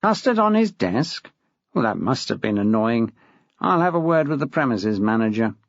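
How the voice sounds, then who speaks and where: A man's voice: medium pitch, sing-song, moderate pace, no room sound, voice pushed down. A man playing a smug, acid head teacher. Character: smug, testy middle-aged male head teacher. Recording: dull dry lo-fi recording.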